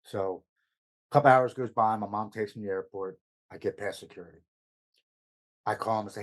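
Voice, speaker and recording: Low-voiced man telling his story earnestly. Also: steady tone, moderate pace, pauses often, rough recording. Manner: earnest, emotional storytelling with stammered repeats. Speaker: podcast guest. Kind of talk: personal recovery story.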